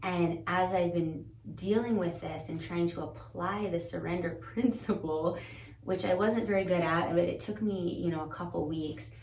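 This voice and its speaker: A woman's voice: on the low side, normal speed, darkish tone. A woman as a podcast guest, telling her story in an earnest, searching way and thinking aloud. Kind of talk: reflective conversational storytelling. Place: indoor room shared with the host. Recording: roomy echo, distant mic, faint noise.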